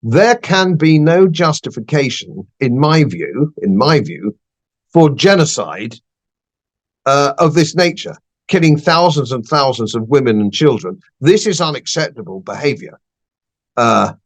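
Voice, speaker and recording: An older man, a podcast guest giving blunt, emphatic political opinions and repeating phrases for stress. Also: on the high side.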